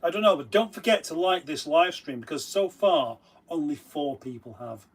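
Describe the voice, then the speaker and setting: A man's voice: on the high side, lively intonation, moderate pace, slightly rough. A man co-hosting a casual live stream who teases his partner and rambles through his explanations. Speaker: co-host.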